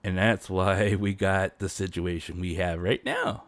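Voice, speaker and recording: A man's voice: low-pitched, steady tone, unhurried, a bit bright, no echo. A man streaming as a VTuber, ranting casually with many restarts and fillers. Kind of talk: casual livestream rant.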